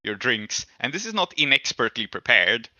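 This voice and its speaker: 明るい声の男性ゲームマスター. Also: male voice, mid-range voice, sing-song, moderate pace, bright, forceful tone, no room sound. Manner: casual, hesitant, with many fillers. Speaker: game master. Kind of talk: narrating a tabletop game. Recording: dull, lo-fi and dry.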